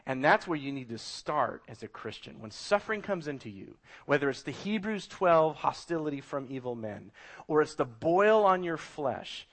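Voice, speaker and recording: A man's voice: on the high side, big pitch swings, measured pace, a bit bright. A middle-aged man preaching a sermon as a pastor, emphatic and full of rhetorical questions.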